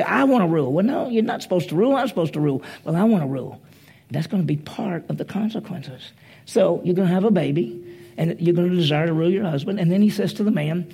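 A man preaches a conversational sermon, retelling a story and slipping into its voices. His voice is gravelly and husky, sitting a little high for a man. The tone stays dark and mellow.

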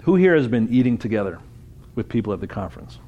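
A man's voice: lowish voice, very animated, fast, muffled recording. A man giving an interactive church talk at a conference, speaking casually and putting questions to the audience. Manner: conversational, asks the audience questions.

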